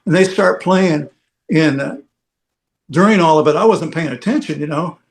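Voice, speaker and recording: Man, slightly high voice, rambling anecdotal roadie storyteller, filler-heavy. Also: normal speed. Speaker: veteran rock roadie guest. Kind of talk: casual storytelling on a podcast.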